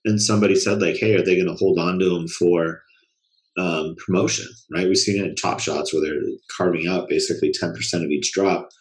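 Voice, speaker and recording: A man's voice: low-pitched, fairly even intonation, fairly quick. A man co-hosting a podcast in casual chat, laid-back, trailing off and swearing casually. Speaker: podcast co-host.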